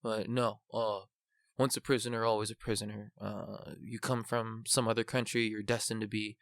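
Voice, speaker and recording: A man with a somewhat low voice lays out his ideas earnestly on a podcast. His talk is casual but focused. The sound is dry and close. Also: flat delivery, moderate pace, fairly bright tone, no echo. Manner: earnest, explanatory. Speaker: podcast co-host.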